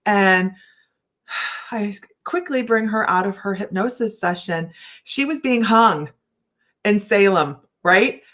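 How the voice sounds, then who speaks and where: A woman's voice: mid-range voice, takes it slowly, pauses often, a bit bright. A woman psychic hosting a casual livestream chat, telling a rambling story and laughing often. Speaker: psychic and certified hypnotist.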